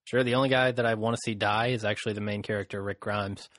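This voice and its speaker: A man's voice: fairly low pitch, steady tone, quick pace, fairly bright tone, no room sound. A man co-hosting a podcast in casual chat, laughing often and making crude jokes. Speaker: podcast co-host.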